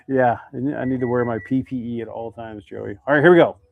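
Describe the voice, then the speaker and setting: A man's voice: mid-range voice, creaky, no room sound, phone-quality sound. A man hosting a casual live stream while making fishing baits, chatting and reading viewer comments aloud. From Idaho, United States.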